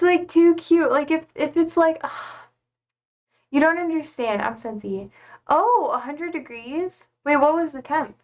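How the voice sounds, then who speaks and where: A woman streamer chats casually from her home setup into a desk mic. She rambles with lots of fillers and reads viewer comments aloud. Her voice sits slightly higher than most. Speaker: live streamer.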